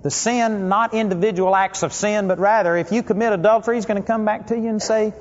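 A man delivering a sermon with a fairly high voice that punches key words and then drops low. The recording is dull and lo-fi, with a long reverb trailing off as if in a large hall. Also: steady tone, fast talker, hardly any pauses. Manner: emphatic, swings between loud stress and low asides. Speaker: preacher.

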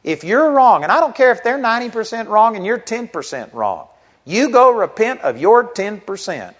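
A middle-aged man, a pastor, preaching a sermon in an earnest, conversational way that builds into emphatic stretches. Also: high voice. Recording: dull lo-fi recording.

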